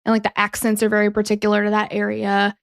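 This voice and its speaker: A woman's voice: mid-range voice, completely flat delivery, fast talker, gravelly, no room sound, clean studio sound. A woman co-hosting a true-crime podcast, chatting casually with lots of fillers and some swearing. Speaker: podcast co-host.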